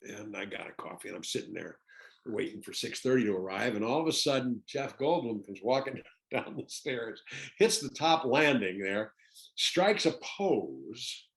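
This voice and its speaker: An older man, a guest actor, telling lively anecdotes in a casual interview and laughing often. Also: medium pitch, moderate pace, gravelly, low-quality recording.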